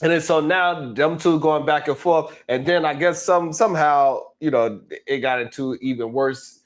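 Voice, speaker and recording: A man hosting a comedic show, recapping online drama in an animated, laughing storytelling way. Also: a little high, normal speed. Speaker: host.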